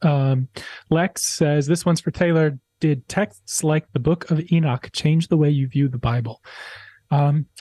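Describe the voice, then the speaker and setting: A man co-hosting a casual livestream, speaking in a low-key, dry way with hesitant ums. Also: fairly even intonation, measured pace, dark tone, dry recording. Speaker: co-host. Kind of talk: casual live chat.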